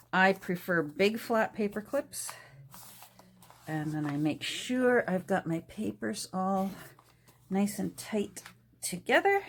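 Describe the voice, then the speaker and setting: A woman's voice: medium pitch, a little hiss or hum. A chatty middle-aged woman talks through her crafting at a home desk, easy and casual. She laughs often and breaks off mid-sentence now and then as her hands stay busy. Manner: chatty, laughs often, trails off while working. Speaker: journal-making vlogger. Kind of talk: casual chat while crafting.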